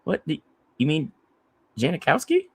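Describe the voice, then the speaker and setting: A man's voice: fairly high pitch, huge pitch swings, moderate pace, slightly rough, no room sound, pitched above the performer's own voice, full character voice. A man putting on a stressed general manager who mutters in exasperation. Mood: exasperated.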